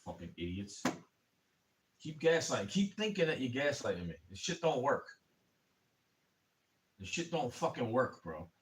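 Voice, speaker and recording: A man ranting on a livestream, rambling and swearing and calling the listener bro, getting louder in angry bursts. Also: mid-range voice, big pitch swings, normal speed, pauses often, a little hiss or hum. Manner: rambling and profane, keeps saying "bro"; angry, rising to shouting in bursts. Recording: voice a bit far from the mic.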